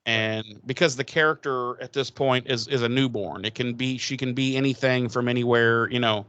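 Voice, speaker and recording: A man co-hosting a casual podcast, talking in an animated, rambling way with many restarts. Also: mid-range voice, normal speed, smooth. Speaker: podcast co-host. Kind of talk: casual chat.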